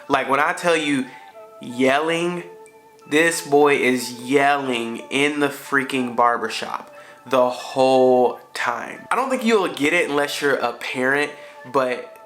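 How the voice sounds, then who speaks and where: Man, family vlogger, slangy casual storyteller, bright voice, faint music under him. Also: mid-range voice. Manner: slangy, conversational, frequent fillers. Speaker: father vlogger.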